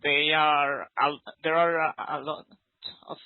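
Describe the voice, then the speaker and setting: Hesitant learner, a woman, slow, dry phone-line sound. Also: deep voice, fairly even intonation, clean tone, no room sound. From Colombia. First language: Spanish. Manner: hesitant, many pauses and fillers. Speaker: English student. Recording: phone-like dry audio call.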